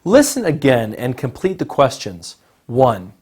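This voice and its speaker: Slow, deliberate male English teacher. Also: mid-range voice, sing-song, dark tone, breathy edge. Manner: slow, deliberate, models intonation. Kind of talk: recorded lesson narration.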